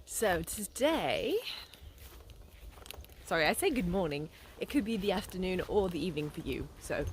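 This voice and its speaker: A woman's voice: fairly low pitch, lively intonation, fast, a little hiss or hum. A woman putting on a British accent, chatting casually and whimsically while walking through the woods and filming on a handheld camera. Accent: put-on British. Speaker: nature vlogger. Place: outdoors in the woods.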